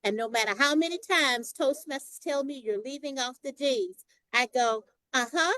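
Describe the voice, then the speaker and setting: A woman's voice: high voice, normal speed, a bit bright, no room sound, low-quality recording. A woman with a Southern Texas accent, a longtime Toastmasters member speaking emphatically in a casual group discussion.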